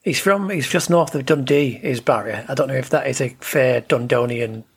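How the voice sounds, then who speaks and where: A man's voice: mid-range voice, moderate pace, husky. A man co-hosting a podcast, chipping in with short quips during casual film chat.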